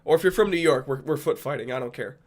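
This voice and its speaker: A streamer from Rhode Island chats casually with livestream viewers, rambling and joking with a fair amount of profanity. He speaks at a medium pitch and a quick pace.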